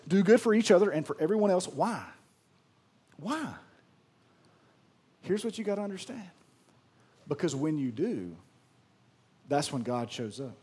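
A man preaching a sermon, swinging from loud emphatic lines to hushed storytelling. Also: a little high. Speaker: pastor.

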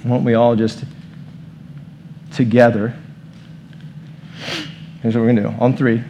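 A man's voice: medium pitch, little pitch movement, a little slow, gravelly, warm tone, slight background noise. A man giving a conversational sermon as pastor, talking informally and leading the room in prayer.

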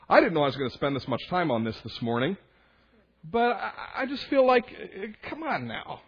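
A young man preaches in a chatty, conversational sermon, slipping into quoted voices and side remarks. His voice sits high and a bit husky. The recording is dull and lo-fi. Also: sing-song, normal speed. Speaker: young adult minister.

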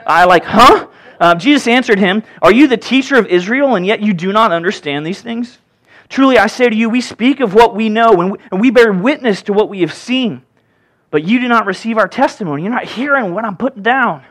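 A man preaching a sermon as pastor, reading scripture and joking with the congregation in a lively, playful way. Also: high-pitched.

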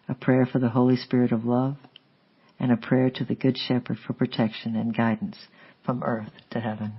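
A man steadily reading a memoir aloud in a measured, unhurried way, on a slightly dull lo-fi recording. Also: medium pitch, gravelly, breathy edge. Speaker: audiobook reader. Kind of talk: memoir narration read aloud.

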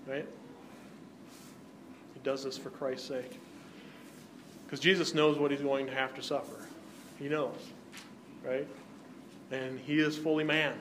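A man's voice: medium pitch, a little hiss or hum. A man teaching a Bible class, who keeps checking in with his listeners by asking "right?" and putting questions to the group.

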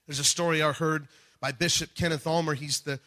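High, bright-voiced preaching man. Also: fairly even intonation, a little fast. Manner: dynamic preaching, swings from soft to shouting. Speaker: pastor. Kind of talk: sermon.

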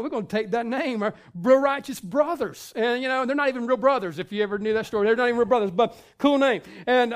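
High-voiced pastor preaching casually. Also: male voice. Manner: conversational, many fillers and restarts. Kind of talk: sermon.

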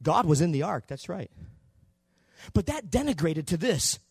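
A man preaching a sermon in a church, swinging between loud shouting and quieter low passages. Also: big pitch swings, normal speed, gravelly, breathy edge, no room sound, studio quality. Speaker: pastor.

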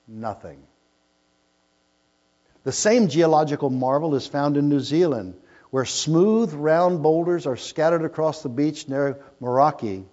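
Emphatic preacher, lo-fi hum. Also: male voice, medium pitch. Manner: emphatic, swings from loud declamation to quiet asides. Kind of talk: sermon. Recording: lo-fi with mains hum.

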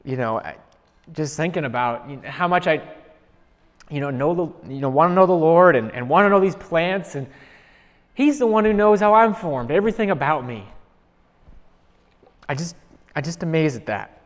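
A man preaches a personal sermon, earnest and halting, often restarting his sentences. When he reads scripture he slows down and lifts his voice, which sits a little high for a man. His words ring out with a long reverb, as in a large hall. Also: lively intonation.

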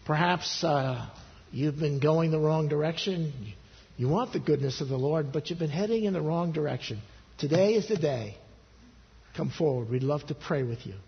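A man preaching a sermon as pastor, earnest, his pitch rising on pleading questions and dropping low and soft for intimate appeals. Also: normal speed. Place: church sanctuary. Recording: husky voice in a long-reverb church hall, dull lo-fi sound.

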